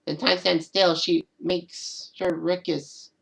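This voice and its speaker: Speaking slowly with vocal fry, a woman with a lowish, level voice hosts her own channel and chats alone in a loose, casual way. She keeps repeating "and all that," and the audio is poor.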